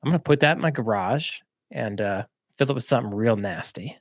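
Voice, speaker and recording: Guy doing a fed-up dad of twin boys, laid-back and slangy, told in a dry, close room. The voice sits at an ordinary pitch, an everyday guy talking. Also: expressive, fairly quick, no room sound. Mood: exasperated.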